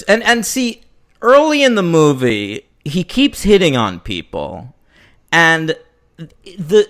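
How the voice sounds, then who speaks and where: A man co-hosting a film review podcast, chatting casually and jokingly, laughing often. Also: fairly high pitch. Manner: animated, jokey, laughs often. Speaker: podcast co-host.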